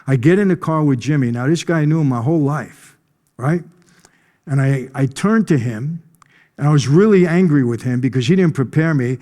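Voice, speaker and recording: A man speaking at a conference, telling a personal story in an emphatic, conversational way and often clearing his throat. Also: on the high side, normal speed, mellow, big-room sound. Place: conference stage.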